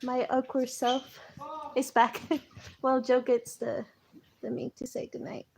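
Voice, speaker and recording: Shy young woman from el salvador, pretty high voice, giggly. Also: flat delivery, a little slow, vocal fry, darkish tone, slight background noise. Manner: shy, self-conscious, laughs often. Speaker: camera operator and host's wife. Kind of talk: casual livestream chat.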